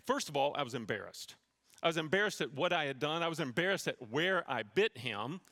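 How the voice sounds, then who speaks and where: In a large hall, a man's slightly high, bright voice comes across with a forceful tone. He's a pastor delivering a sermon in the church sanctuary, opening with a self-deprecating personal story and then teaching from scripture.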